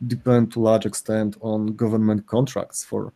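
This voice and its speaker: A middle-aged man co-hosting a live stream in casual chat, speaking haltingly with frequent restarts and self-corrections. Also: lowish voice, level tone, creaky, background noise. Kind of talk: casual chat, reading out chat comments.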